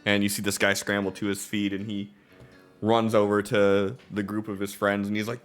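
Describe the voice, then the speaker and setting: A man's voice: lowish voice, flat delivery, brisk, soft background music. A man narrating a tabletop game as game master, telling the scene in a laid-back way with plenty of ums and uhs. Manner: laid-back, filler-heavy storytelling.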